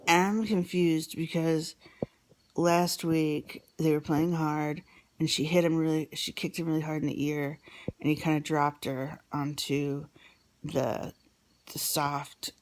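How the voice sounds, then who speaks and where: A woman's voice: low voice, darkish tone. A woman vlogger telling a personal story in a rambling, casual way with many fillers, sometimes dropping to a whisper.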